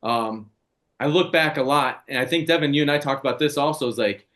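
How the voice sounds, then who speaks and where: A man's voice: a little high, fairly quick, a bit bright. A man in his forties, a podcast co-host, telling stories in blunt, profane casual chat. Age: 40s.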